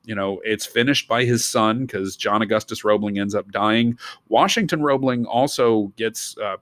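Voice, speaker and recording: A man's voice: fairly low pitch, fairly bright tone, dry recording. A man teaching a recorded history lesson, talking in a loose, rambling way with digressive asides.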